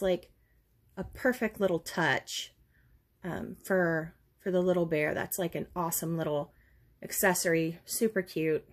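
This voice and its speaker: A woman's voice: lowish voice, darkish tone. A woman, a doll collector chatting casually and rambling a little as she opens a parcel on camera. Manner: chatty, rambling, folksy with "y'all". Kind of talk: casual unboxing chat.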